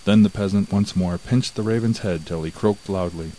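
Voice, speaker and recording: A man narrating a fairy tale from a script in a measured, even way. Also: deep voice, a little hiss or hum, rough recording. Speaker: storyteller.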